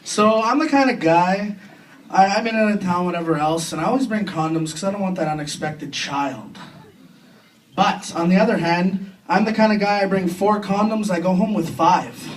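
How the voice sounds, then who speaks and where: A young Canadian man doing a crude, self-deprecating stand-up comedy set on a club stage, with quick impressions between punchlines. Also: high voice. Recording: distant club recording with faint room noise.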